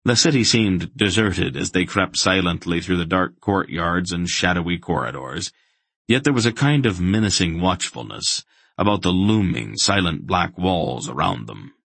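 Low husky guy reading a fantasy audiobook, slow and steady, gravelly. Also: no echo. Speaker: audiobook narrator. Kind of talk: scripted narration.

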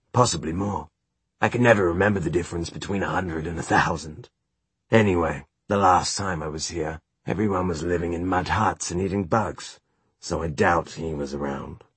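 A man's voice: low-pitched, a bit bright, slightly rough, dry recording, exaggerated voice. A man voicing a small, bloodthirsty blue demon that hisses threats and sulks, in an audiobook reading. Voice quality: hissing, petulant.

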